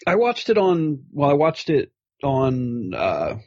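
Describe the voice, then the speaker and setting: A man's voice: medium pitch, wildly swooping pitch, slow, darkish tone. A man co-hosting a casual film podcast, rambling and self-deprecating. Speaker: podcast co-host. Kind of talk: casual chat. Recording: dull lo-fi sound.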